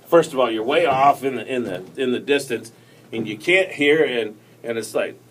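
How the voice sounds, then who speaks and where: A man speaks straight into a tablet's built-in mic, offering presenting tips in a loose, rambling way. His voice sits at an ordinary middle pitch, and he often circles back with fillers and restarts. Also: moderate pace, slight background noise. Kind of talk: casual instructional talk to camera. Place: seated, recording on a tablet.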